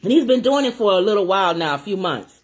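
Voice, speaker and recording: A woman co-hosting a casual food-and-talk show, telling a story in an animated way while eating. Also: mid-range voice, fast talker. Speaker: co-host.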